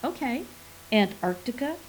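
A woman's voice: a little high, lively intonation, measured pace, a little hiss or hum, voice pushed up, rough recording. A woman voicing an eager man who keeps improvising wild theories, in an audiobook reading.

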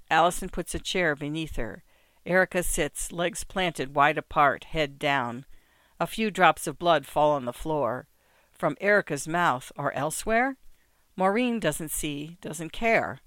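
A man narrating an audiobook in a measured, wry storytelling manner. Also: fairly high pitch, fairly bright tone, smooth, dry recording. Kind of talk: scripted narration.

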